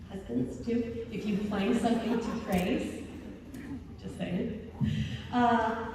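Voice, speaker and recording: A woman's voice: a little high, mellow, far from the mic, slight background noise. Chatty woman speaking in an echoey hall. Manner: chatty, self-deprecating, laughs often. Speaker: convention speaker. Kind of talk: humorous talk to homeschool parents. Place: large convention hall.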